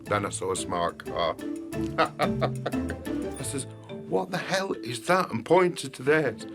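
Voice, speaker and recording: A man speaks slowly and unhurriedly, telling an amused, wry story. His voice sits at an ordinary pitch, and clear guitar music plays behind him. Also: sing-song. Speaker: eye patient recalling regained sight. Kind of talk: documentary storytelling.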